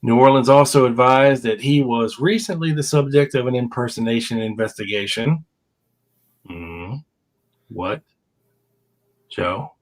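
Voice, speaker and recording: A man in his fifties with a medium-pitched voice speaks at a measured pace with long pauses, on a rough recording. He hosts a podcast, chatting casually while reading old legal papers aloud and adding wry asides.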